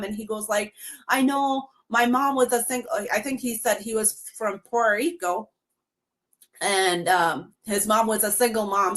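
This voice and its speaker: A woman's voice: mid-range voice, a bit bright. A woman telling her story in a casual live stream, quoting the people she dealt with. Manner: emphatic, recounts dialogue in quotes. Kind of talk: casual spoken testimony.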